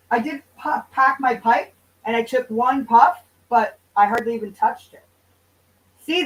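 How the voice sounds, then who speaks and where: A woman's voice: a little high, far from the mic, low-quality recording. A woman hosting a livestream in casual chat, answering viewers' comments in a loose, profane, bantering way. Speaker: livestream host.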